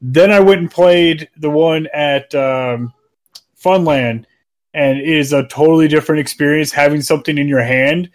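Man, podcast co-host, a bit high-pitched, excitable, swears, acts out moments. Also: normal speed. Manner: excitable, profane, acts out scenes. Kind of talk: casual chat.

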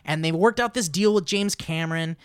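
A man co-hosting a comedy podcast, telling gossip in an animated, storytelling way. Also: on the high side, a little fast, clean tone, no echo, studio quality. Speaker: podcast co-host. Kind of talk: casual comedy chat.

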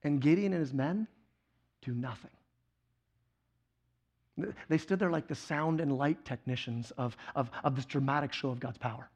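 A male guest preacher delivering a sermon, telling the story with animated swings between loud excitement and quiet intensity. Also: medium pitch, normal speed, long pauses.

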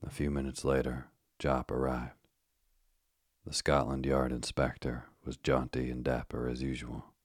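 A man reads a bedtime mystery in a calm, unhurried way. His voice is extremely low and husky, with a flat, steady melody. The recording is dry and close. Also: no room sound. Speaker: narrator. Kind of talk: sleep story reading.

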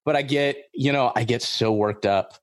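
An excitable man hosts a casual podcast chat, rambling and circling back on his words. His voice sits at an ordinary middle pitch. The sound is dry and close, with no room in it. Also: normal speed, dry recording. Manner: excitable, rambling, repeats himself. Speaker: podcast host.

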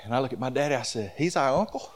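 A man's voice: medium pitch, lively intonation, racing. Folksy preacher man. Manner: folksy, builds to fervent emphatic delivery. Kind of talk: sermon storytelling.

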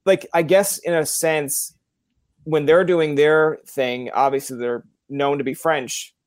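A man's voice: a little high, fairly even intonation, takes it slowly, dry recording, studio quality. A man with a Newfoundland accent hosting a casual interview, telling rambling stories and acting out the voices of people he quotes. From Newfoundland, Canada. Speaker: podcast host.

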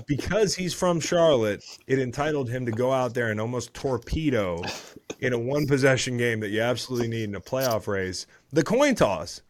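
Animated, rambling former football player. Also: male voice, mid-range voice, a little fast. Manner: animated, swears, rambling asides. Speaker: podcast host, former NFL player. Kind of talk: casual sports recap chat.

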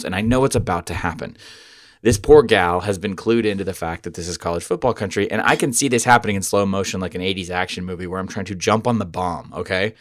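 A man hosting a podcast, telling a rambling, profane story with sudden loud outbursts. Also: low voice, no echo, clean studio sound. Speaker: podcast host. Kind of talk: casual storytelling chat.

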